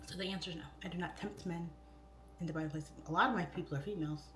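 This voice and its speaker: A woman's voice: on the low side, fairly even intonation, fast talker, fairly bright tone, roomy sound. A woman in her thirties chatting casually on a livestream, reading comments aloud, goofy and easily distracted. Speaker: livestream host and real estate agent. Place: home.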